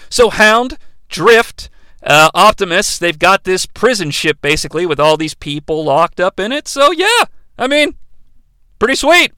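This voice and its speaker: A man hosting a comedic movie recap, sarcastic and animated, breaking into goofy impressions. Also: high-pitched, no echo, low-quality recording. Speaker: movie review host.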